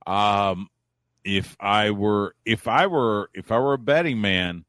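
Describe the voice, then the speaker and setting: A man in Central Texas talking as a guest on a radio wrestling show, relaxed and rambling, often restarting his sentences. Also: lowish voice, takes it slowly, no echo. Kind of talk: casual chat.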